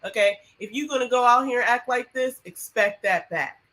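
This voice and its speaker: A woman co-hosting a podcast in casual chat, expressive and quick to react. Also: a little high, poor audio. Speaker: podcast co-host.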